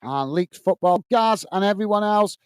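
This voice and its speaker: A man's voice: high-pitched, animated, normal speed, smooth. A man hosting a casual live stream, reading viewer comments aloud and chatting with many uhs. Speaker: host reading live chat.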